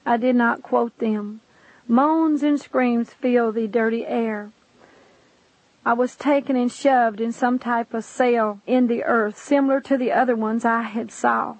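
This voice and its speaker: An impassioned woman reads a dramatic first-person testimony and speaks directly to her listener. Her voice sits fairly high for a woman. The recording sounds dull and lo-fi, and it is dry, with no room echo. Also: darkish tone. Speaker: narrator giving a testimony.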